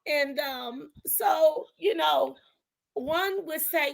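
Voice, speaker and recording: A woman hosting a podcast, talking slowly and haltingly with lots of filler sounds. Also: sits high, creaky, poor audio. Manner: slow, halting, laughs through her words. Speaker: podcast host. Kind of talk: podcast conversation.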